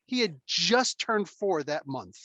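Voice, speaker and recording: A man hosting a casual podcast chat, telling stories in an animated, emphatic way and swearing freely. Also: sits high, takes it slowly, no echo, lo-fi sound. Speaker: podcast host.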